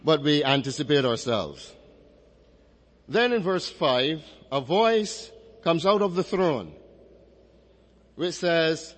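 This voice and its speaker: A man with a notably high voice preaches in a measured, emphatic way, stretching out key phrases as he works through scripture. His words ring out into a long, echoing hall. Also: very animated. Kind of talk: expository sermon.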